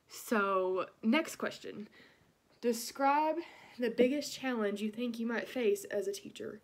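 A woman's voice: medium pitch, measured pace. A young woman answering application questions on video in an earnest, nervous way, out of breath as she talks. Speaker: teaching program applicant.

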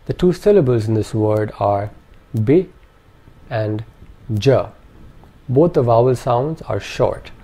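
A man calmly narrating a pronunciation lesson with measured, precise enunciation. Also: medium pitch, vocal fry, husky. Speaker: language teacher. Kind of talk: instructional narration.

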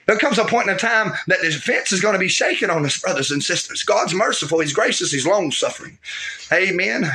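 A man delivering a fervent sermon, his voice bright and forceful and pitched a little high. He keeps circling back with call-and-response asides to the congregation. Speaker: preacher.

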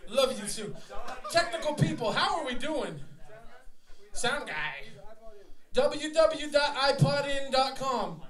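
A young man, a rapper fronting a live show, trading loud, profane, laughing banter with the crowd on a small theater stage. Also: very high voice, sing-song, slow pace, pauses often. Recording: echoey live room, mic heard from far, loud crowd.

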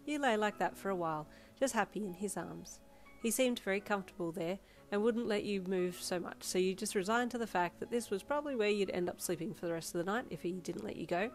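A woman reading her fanfiction aloud as a steady storybook narration. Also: medium pitch, fairly quick. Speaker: fanfiction reader. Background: background music.

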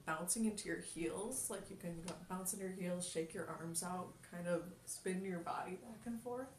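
A woman's voice: lowish voice, background noise. A woman streamer in casual chat, talking loosely with many ums and likes and laughing often. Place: home kitchen.

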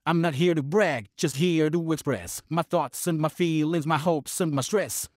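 A computer-generated male rapper, as singing software produces him, delivering lines rhythmically and right on the beat. His voice sits a bit high for a man, and some words come out slightly oddly pronounced. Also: moderate pace, close to an everyday voice. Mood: rapping. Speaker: demo vocal line. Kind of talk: rap.

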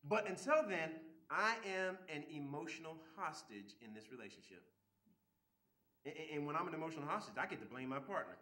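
A man leads a relationship seminar with a high, bright voice that swings widely in pitch. He acts out the people he quotes and often repeats his first words before a sentence gets going. The room around him is echoey. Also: brisk. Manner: animated, repeats words when starting sentences. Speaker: seminar speaker. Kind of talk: lively seminar talk.

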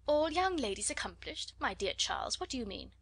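A woman voicing a haughty young society lady who mocks and flatters in a scornful, affected way, in a storybook reading. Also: on the high side, fairly quick. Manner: scornful, mocking.

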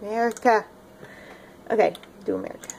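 A woman's voice: mid-range voice, a little fast, gravelly, darkish tone, slight background noise. A young woman rambling casually in a solo video, giggling and self-deprecating.

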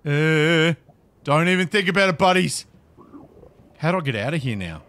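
A man's voice: on the high side, expressive, moderate pace, a bit bright. A man giving casual, flustered commentary while playing a video game, chatting to the creatures on screen.

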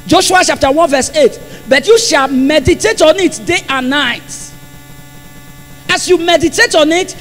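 A man's voice: very high voice, fairly bright tone. A man with a Nigerian accent preaching a sermon in church, impassioned and repeating phrases for emphasis. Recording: long hall reverb.

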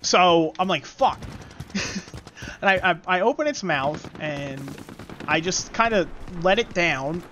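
A streamer chats through a long, rambling story while playing a shooter, swearing freely and dropping quick callouts. The voice rises and falls a lot as it talks. Heavy game gunfire and clicks run loudly underneath. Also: medium pitch, lo-fi sound, noisy background. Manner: profane, rambling, animated storyteller; gives quick gameplay callouts. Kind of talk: casual storytelling while gaming. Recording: loud game gunfire behind voice. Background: shooter game gunfire and announcer callouts.

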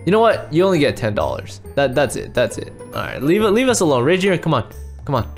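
A man hosting a casual game roleplay as a dad, excitable and rambling, full of exclamations. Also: on the high side, fast talker, faint music behind. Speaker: roleplay host playing a dad.

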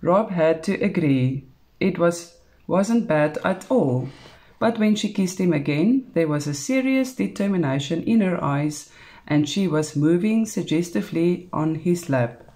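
A woman with a South African English accent, calmly reading a novel aloud, unhurried, with small slips. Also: on the low side. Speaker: storybook reader.

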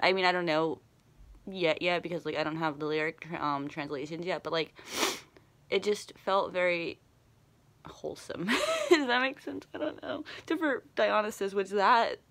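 A woman's voice: on the low side, animated, moderate pace, fairly bright tone. A woman vlogger talking casually to camera, gushing and rambling with lots of fillers.

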